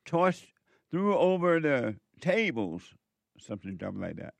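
A man preaching a sermon, scolding and emphatic, with sudden swings in loudness and pitch. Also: very animated, slow pace, gravelly, dry recording.

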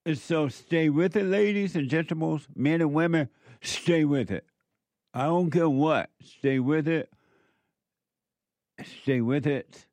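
A man's voice: on the high side, slow, long pauses, a little mellow, no echo. A man preaching a sermon, emphatic and repetitive as he addresses a live audience.

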